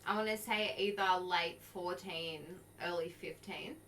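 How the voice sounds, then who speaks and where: A woman's voice: lowish voice, fairly even intonation, unhurried, fairly bright tone, a little hiss or hum, rough recording. A woman, co-hosting a podcast and telling a story in a loose, sweary way full of likes and laughs. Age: early 20s. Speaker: podcast co-host. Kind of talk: casual storytelling chat.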